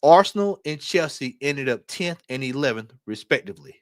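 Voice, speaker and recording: A man hosting a casual late-night fan livestream, reading aloud and talking to his chat in an animated way. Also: medium pitch, moderate pace, dry recording, studio quality. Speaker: fan channel host.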